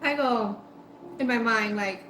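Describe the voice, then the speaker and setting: A woman's voice: a little high, measured pace, roomy sound, a little hiss or hum, poor audio. A woman food vlogger chatting casually and telling a story while she eats. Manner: chatty, animated retelling with quoted voices.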